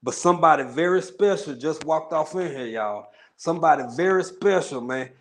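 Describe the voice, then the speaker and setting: A man's voice: a little high, expressive, normal speed. A man from East Texas with a Southern accent, hosting a casual livestream and chatting loosely with viewers, greeting them by name in Southern slang. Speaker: livestream host.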